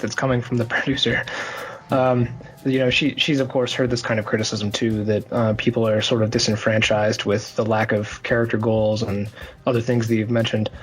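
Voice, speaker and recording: A man's voice: mid-range voice, poor audio. A man guesting on a podcast, telling a story in casual chat with fillers. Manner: anecdotal, with fillers.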